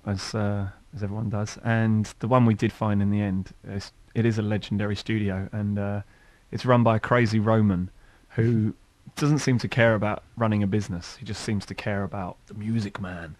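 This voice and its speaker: A man's voice: fairly low pitch, fairly even intonation, normal speed, hardly any pauses. A man from a band, chatting casually and telling rambling stories in a radio studio interview. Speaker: band member.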